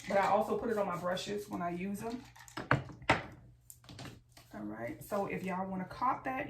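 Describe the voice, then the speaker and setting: A woman vlogger chatting casually and playfully to her viewers while doing her makeup, calling them y'all, filmed by a camera set far back in a room at home. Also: mid-range voice. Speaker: beauty vlogger. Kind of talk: casual get-ready-with-me chat. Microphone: far camera mic. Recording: roomy, distant, faint background noise.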